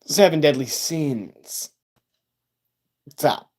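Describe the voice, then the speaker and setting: A man's voice: mid-range voice, animated, measured pace. A man, chatting casually with livestream viewers, rambling with stammers and sarcastic asides.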